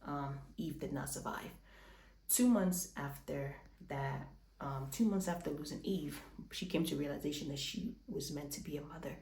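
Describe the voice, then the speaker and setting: A woman's voice: sits low, normal speed, a little mellow, echoey room. A woman recapping a reality show in a casual, opinionated chat, a little out of breath, with restarts and sighs.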